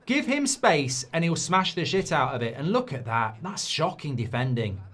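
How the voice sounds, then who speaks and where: A middle-aged man reacts live to a football match as a watchalong host, his voice slightly high. He is excitable, dropping into quiet muttering and bursting into shouts at big moments. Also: moderate pace, slightly rough.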